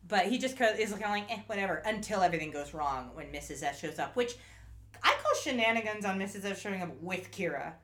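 A woman's voice: mid-range voice, fast. A woman co-hosting a casual podcast, recapping a show and acting out the characters' lines with lots of energy. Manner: animated, acts out quotes, swears casually. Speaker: podcast co-host.

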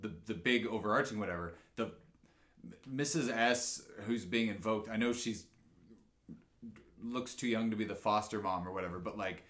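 A co-host on a casual podcast, recapping a show and musing out loud in loose, trailing sentences. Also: medium pitch, moderate pace.

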